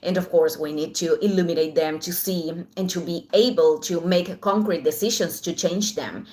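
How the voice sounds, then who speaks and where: Low-voiced non-native woman, halting forecast. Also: a little mellow. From Southern Hemisphere. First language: not English. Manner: halting, searching for words, frequent restarts. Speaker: astrology channel host. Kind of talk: weekly astrology forecast monologue.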